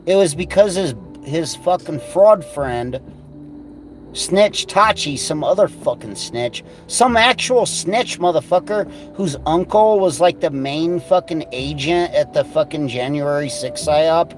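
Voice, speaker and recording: A man rants on his livestream in a rambling, profane, mocking way. His voice sits fairly high and swings widely in pitch, and music plays clearly behind him. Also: animated, unhurried. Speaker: livestream host. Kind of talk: profane casual livestream rant.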